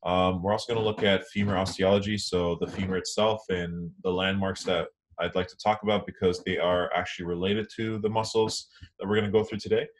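Young man, deep voice, anatomy lecturer, casual filler-heavy delivery. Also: brisk, a little hiss or hum. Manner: relaxed, filler-heavy explaining. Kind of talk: online lecture.

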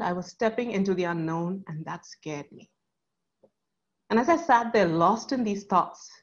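A woman's voice: medium pitch, lo-fi sound. A woman, telling a personal story on stage in an earnest, paced way. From South India. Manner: earnest, dramatic pauses.

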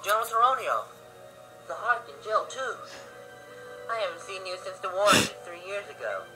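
A gamer reading a video game cutscene aloud, voicing a gruff, steady old army general in a deliberately bad old-man accent. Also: medium pitch, natural voice, rough recording. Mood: warm. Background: game music.

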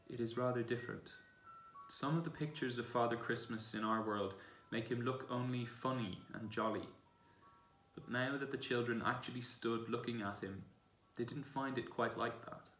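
Man reading a storybook aloud in a church. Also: medium pitch. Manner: gentle storytelling. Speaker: reader. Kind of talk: reading a children's novel aloud. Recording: echoey church room, distant mic.

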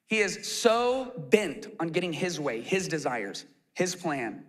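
A male pastor delivers his sermon with a high, bright voice that swings widely in pitch. He acts out quoted lines with animated energy. The sound carries a long hall reverb from the church room. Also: slow. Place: church auditorium.

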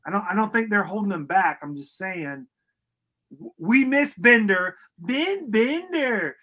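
High, bright-voiced joking man. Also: animated, unhurried. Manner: jokey, slangy banter. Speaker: co-host. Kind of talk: casual fan-show chat.

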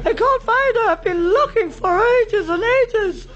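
A woman voicing a lovesick male snowman hunting for his sweetheart, whiny and excitable, in a homemade toy play. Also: very high-pitched, a little slow. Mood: pleading, weepy. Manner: whiny, excitable, chattering to toys. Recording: dull lo-fi home video.

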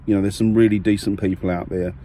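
Man, deep-ish voice, casual car vlog, friendly rambler, noisy audio. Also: level tone, quick pace, warm tone. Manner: rambling, self-correcting, friendly. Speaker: vlogger. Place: parked car.

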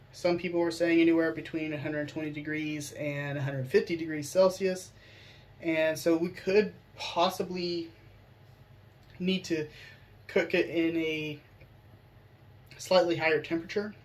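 A woman's voice: on the low side, darkish tone. A woman narrating a casual computer repair vlog, chatty and thinking aloud with frequent restarts.

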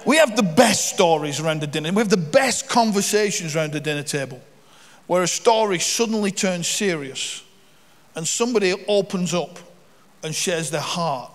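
A middle-aged man gives a guest sermon in a church hall, and his fairly high voice carries a long reverb. He tells humorous stories briskly and acts out the people in them. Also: expressive. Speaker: guest preacher.

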